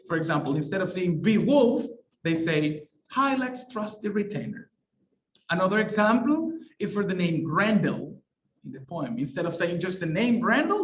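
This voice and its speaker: A man teaching a literature lesson, explaining things step by step and sometimes reading verse slowly with heavy stresses. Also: high-pitched, roomy sound, lo-fi sound, slight background noise.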